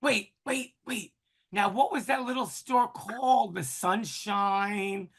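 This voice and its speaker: A man in his sixties, a podcast guest in casual conversation, animated and flamboyant with dramatic exclamations. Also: high-pitched, takes it slowly, breathy edge.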